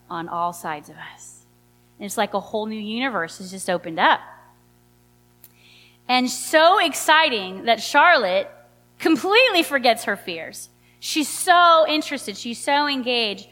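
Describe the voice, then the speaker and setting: A middle-aged woman, a mother, telling a personal story in an animated, chatty way with many fillers. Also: on the high side. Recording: long hall reverb.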